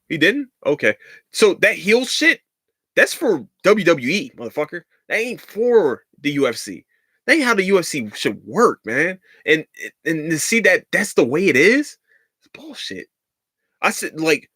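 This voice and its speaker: Heated profane man ranting, lively pitch. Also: no echo, clean studio sound. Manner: heated, profane, sarcastic, repeats himself for emphasis. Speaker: podcast host. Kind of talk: casual rant.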